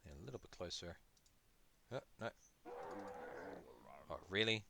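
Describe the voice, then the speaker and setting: Unhurried and animated, a gravelly, lowish male voice narrates gameplay against background noise. The gaming host chats away, pokes fun at himself, and speaks directly to the creatures he takes on.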